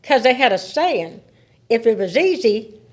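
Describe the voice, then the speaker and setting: A woman in her seventies, a podcast guest, telling stories in a casual, animated way, laughing and repeating words as she talks. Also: a little high, a little slow. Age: 70s. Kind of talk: casual storytelling.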